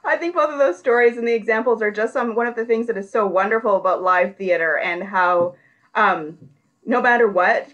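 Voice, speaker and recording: A woman hosting a casual online Q&A with theatre guests, speaking in a measured, steady way. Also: medium pitch, muffled recording. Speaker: host, moderator.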